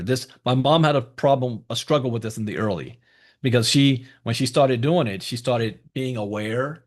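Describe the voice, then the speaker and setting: A man with a mid-range voice, neither high nor low, hosts a coaching call. He talks in an emphatic, motivational way and repeats his main points. He speaks right at his listeners, as if pushing them to act. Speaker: host of a crypto education call.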